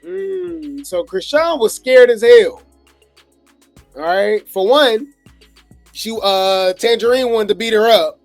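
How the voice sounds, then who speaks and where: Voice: medium pitch, lively intonation, slow pace, long pauses, dry recording, soft background music. Sarcastic gossip host reacting to clips. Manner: sarcastic, incredulous asides. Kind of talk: reaction commentary.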